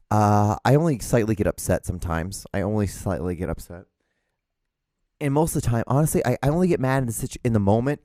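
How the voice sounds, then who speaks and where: A man's voice: on the low side, a little mellow, no room sound, studio quality. A man hosting a podcast from home, rambling casually with profanity and many restarts, and gushing about his dog. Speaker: podcast host.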